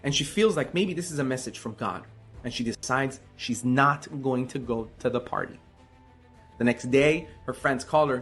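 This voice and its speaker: A man telling a religious story in an animated, emphatic way, with sudden swings in loudness. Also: medium pitch, normal speed, faint music behind.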